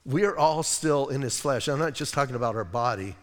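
Conversational preacher in an echoing hall. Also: male voice, medium pitch, fairly quick, a bit bright. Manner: conversational, repeats "listen", joking asides. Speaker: pastor. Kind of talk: sermon. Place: church sanctuary.

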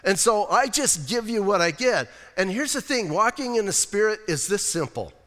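A man's voice: high-pitched, expressive, normal speed, fairly bright tone. A man preaching a plainspoken, casual sermon to his congregation in a church. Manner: plainspoken, casual, self-deprecating. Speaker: pastor. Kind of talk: conversational sermon. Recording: long reverb of a church hall.

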